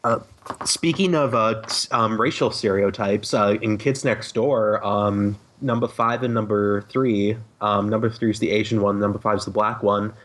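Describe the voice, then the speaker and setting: A lower-voiced man chatting on a casual podcast. He is sardonic and profane, and he stops often for ums and uhs. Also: steady tone, moderate pace, a bit bright, slight background noise. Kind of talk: casual group podcast chat.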